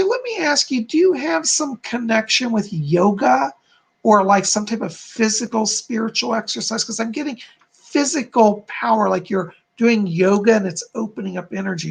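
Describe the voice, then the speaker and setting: On his psychic-readings live-stream, the male medium host uses a high voice that's gravelly and husky. He addresses viewers soothingly, calling them darling and hon.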